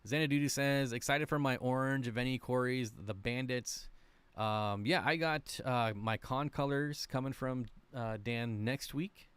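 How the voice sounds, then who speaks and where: A man hosts a casual livestream about aquarium fish, reading viewer comments aloud in a chatty, rambling, self-deprecating way. His medium-pitched voice is a bit bright and clean, at a measured pace, in a dry recording.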